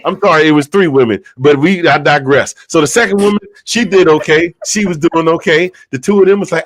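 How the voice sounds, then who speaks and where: A man on a football roundtable show telling a long comedic story, animated and rambling, repeating himself for effect. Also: a little high, fairly quick, hardly any pauses, no room sound. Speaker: regular segment host telling a joke.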